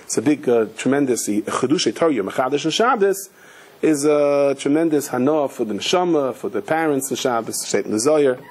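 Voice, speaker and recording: Brief: male rabbi, husky voice, sermon storytelling peppered with Hebrew and Yiddish, lots of restarts. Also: mid-range voice, expressive, fairly quick, darkish tone.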